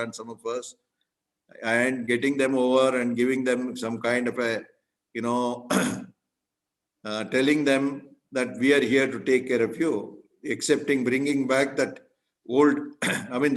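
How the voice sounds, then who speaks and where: Male guest speaker, mid-pitched, earnest storyteller who keeps clearing his throat. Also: poor audio. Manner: earnest, frequently clears throat, self-correcting restarts. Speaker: guest speaker at a club meeting. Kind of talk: storytelling speech.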